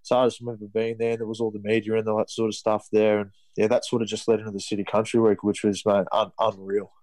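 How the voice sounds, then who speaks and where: A man's voice: on the low side, monotone, fast, a little mellow, no room sound, low-quality recording. A young Australian man telling a story in a casual interview, rambling, with many restarts. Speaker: guest, rugby league player.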